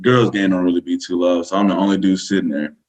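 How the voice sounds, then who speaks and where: A man's voice: low-pitched, little pitch movement, quick pace, darkish tone, poor audio. A man with a Southern US accent, a podcast guest telling a story casually, rambling with many fillers. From Texas, USA.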